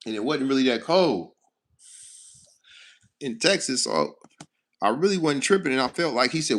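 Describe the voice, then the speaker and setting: A trucker talking straight to his audience in a blunt, cursing, no-nonsense way. His voice sits at an ordinary middle pitch for a man, and his loudness and tone rise and fall as he tells his road stories. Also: animated, normal speed, long pauses. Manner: blunt, heavily profane storytelling. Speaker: truck driver. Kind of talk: casual straight-to-camera talk.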